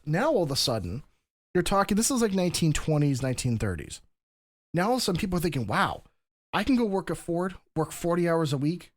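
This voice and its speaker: A man's voice: a little high, no echo, studio quality. A man co-hosting a podcast, explaining history in long, rambling stretches with frequent restarts. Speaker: podcast co-host. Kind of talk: casual podcast discussion.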